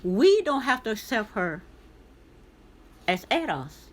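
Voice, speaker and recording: A woman's voice: a little high, big pitch swings, slow. A woman from the United States vlogging, reading a news article aloud and commenting on it, talking back to the text with pointed questions.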